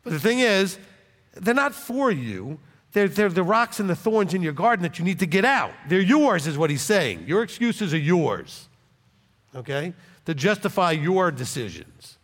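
Brief: male preacher, high and very expressive voice, blunt and confrontational, long reverb. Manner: blunt, combative, conversational. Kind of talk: informal Bible teaching.

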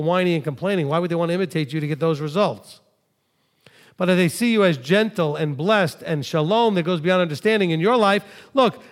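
Gravelly, high-voiced male preacher. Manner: emphatic scripture reading with swings between loud and soft. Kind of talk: sermon.

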